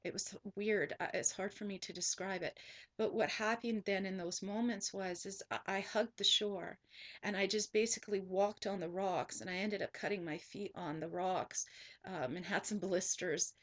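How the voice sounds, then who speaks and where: A woman's voice: medium pitch, steady tone, moderate pace. A woman spiritual teacher telling a personal story in an earnest monologue, often repeating herself and restarting sentences.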